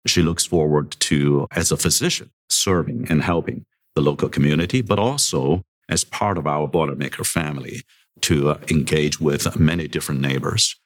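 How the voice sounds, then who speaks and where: Man, middle-aged, very deep voice, university president, podcast interview, good-humored, self-deprecating, chuckling. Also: moderate pace. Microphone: podcast microphone.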